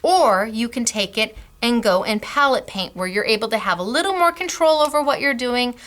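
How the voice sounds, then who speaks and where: Bright-voiced middle-aged craft lady, gushy and chatty, laughs a lot. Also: fairly high pitch, lively intonation, moderate pace. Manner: chatty, gushing, laughs often. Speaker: craft class host. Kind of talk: casual product demo.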